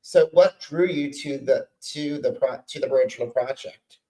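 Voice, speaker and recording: A man's voice: mid-range voice, moderate pace, warm tone, rough recording. A man hosting a podcast interview, speaking earnestly and enthusiastically. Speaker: podcast host. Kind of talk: casual interview.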